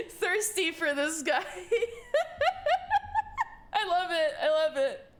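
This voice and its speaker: A high-pitched woman streaming a game live. She reads the text aloud, giggly and excitable, and breaks off to react as she plays. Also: slow pace.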